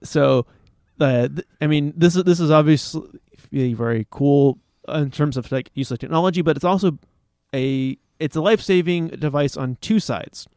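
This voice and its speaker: A man co-hosting a casual news podcast, explaining stories haltingly with many restarts and frequent laughs. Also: on the high side, darkish tone, dry recording, studio quality. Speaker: podcast co-host. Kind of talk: casual chat.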